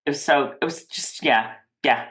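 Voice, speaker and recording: Woman co-host, bright tense tone, rambling casual recap chatter. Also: a bass voice, normal speed. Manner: rambling, full of "like" and restarts. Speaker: podcast co-host.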